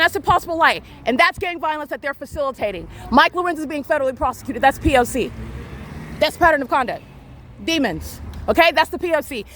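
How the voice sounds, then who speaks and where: Woman talking fast into her phone outside, high pitched, accusing and repeating herself over and over. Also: a bit bright. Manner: accusatory, repetitive, rapid and insistent. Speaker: vlogger filming people around her. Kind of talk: confrontational narration while filming. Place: outdoors in a town square and parking lot.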